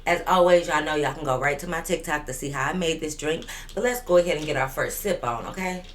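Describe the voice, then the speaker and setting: A woman's voice: low voice, fast talker, a little hiss or hum. A woman in her twenties telling a storytime vlog in an emphatic, profane, fired-up way. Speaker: vlogger.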